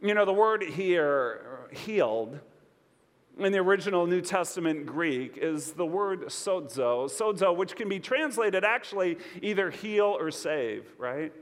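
A male pastor delivering a sermon with a fairly high voice. He shifts between quiet, drawn-out emphasis and bright bursts aimed at his listeners. A long reverb from the hall follows his words. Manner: expressive preaching with conversational asides.

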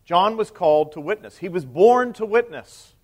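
An expressive priest preaches a conversational sermon at normal speed. He asks the congregation questions and lowers his voice to a quiet murmur as each quoted line ends.

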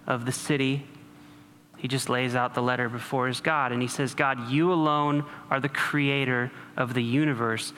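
A man preaching a sermon in a relaxed, conversational way, with humorous asides to the congregation. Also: mid-range voice, moderate pace. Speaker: pastor. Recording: long hall reverb, faint noise.

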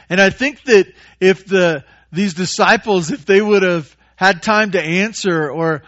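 High-voiced animated preacher man, lo-fi. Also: measured pace, hardly any pauses. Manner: animated, acts out voices of Jesus and disciples. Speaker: pastor. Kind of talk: sermon.

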